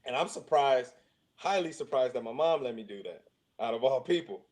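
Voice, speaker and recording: A man trades casual stories as a podcast guest, and he keeps acting out what the people around him said. His pitch sits in the middle for a man. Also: normal speed. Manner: lively anecdotes, acting out quoted voices. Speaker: guest, former football player and coach. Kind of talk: casual storytelling.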